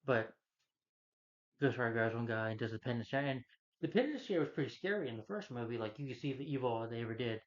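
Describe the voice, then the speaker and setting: A film reviewer rambles loosely through a movie's plot, leaning on fillers at every turn in an expressive, fast-talking delivery. His voice is an ordinary middle pitch, and the recording sounds slightly muffled and lo-fi.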